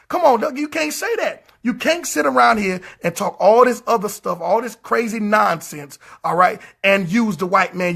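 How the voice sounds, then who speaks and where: A man delivers a livestreamed sermon in a high, raspy voice. He scolds and repeats himself with fiery insistence and leans on key words by drawing them out. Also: bright, forceful tone. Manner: fiery, repetitive, scolding, drawn-out emphasis. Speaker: preacher.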